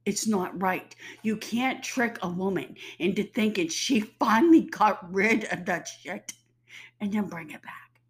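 A woman's voice: mid-range voice, measured pace. A woman in her fifties with a stuffy nose and sore throat, ranting bluntly and profanely to the camera. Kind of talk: casual rant to camera.

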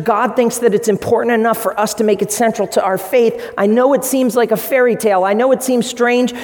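A man preaching a sermon as pastor, energetic and playful, speaking directly to the congregation. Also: very high-pitched. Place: church sanctuary. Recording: long reverb of a large hall.

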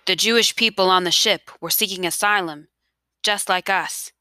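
A woman voicing an elderly grandfather, earnest and pleading about the past, then quietly resolute, in a storybook reading. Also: medium pitch, normal speed, no echo, close to an everyday voice. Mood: remorseful. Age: over 60. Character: remorseful elderly grandfather, former official, now resolved.

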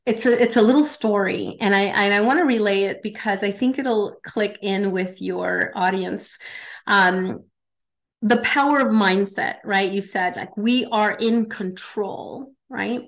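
Emphatic, energetic woman coach. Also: medium pitch. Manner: energetic, emphatic, frequent "right?" tags; impassioned motivational delivery. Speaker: guest, performance coach. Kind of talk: casual podcast interview.

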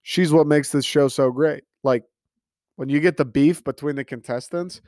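A man's voice: on the high side, moderate pace, a little mellow, no room sound, studio quality. A man hosting a podcast, ranting in a casual, exasperated, profane way. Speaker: podcast host. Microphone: podcast microphone.

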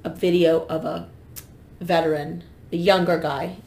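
A woman's voice: lowish voice, little pitch movement, measured pace, darkish tone. A woman co-hosting a casual political chat podcast, speaking in an emphatic, indignant way. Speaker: podcast co-host.

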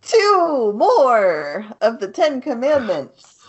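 A woman's voice: a little high, wildly swooping pitch, extremely slow, breathy edge, highs cut off. A woman co-hosting a podcast in casual chat, recapping plots and laughing often. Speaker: podcast co-host.

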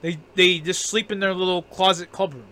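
A man's voice: high-pitched, fairly even intonation, brisk, bright, forceful tone. A man co-hosting a casual podcast, rambling with lots of fillers, restarts and frequent laughter. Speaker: podcast co-host.

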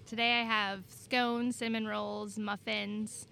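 A woman from Minnesota who owns a bakery, answering interview questions softly and briefly. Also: medium pitch, flat delivery, slow pace, creaky, slight background noise. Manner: soft-spoken, brief answers, laughs easily. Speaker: bakery owner, guest. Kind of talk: casual interview.

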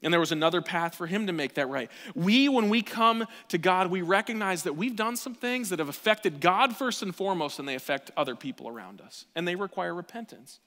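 A fairly high-pitched man in his thirties preaching a sermon with a bright, forceful tone. He swings from quiet asides to near-shouts. His voice rings through the long reverb of a church hall. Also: expressive, fairly quick, hardly any pauses. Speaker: pastor. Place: church sanctuary.

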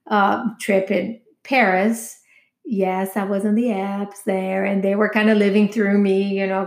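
A woman's voice: medium pitch, creaky. A woman chatting casually, telling a candid, profane story full of quoted dialogue. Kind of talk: casual chat. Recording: echoey room.

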